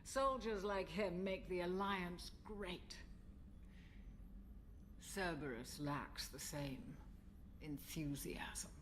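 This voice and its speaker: An actress playing a kind, wistful older woman ship's doctor in a game, speaking gently. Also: fairly low pitch, slight background noise. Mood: fond. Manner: gentle, unhurried.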